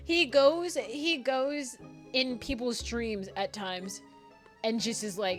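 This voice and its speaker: A woman's voice: a little high, takes it slowly, soft background music. A woman in her twenties streaming a game, rambling and giggling through casual commentary with frequent swearing.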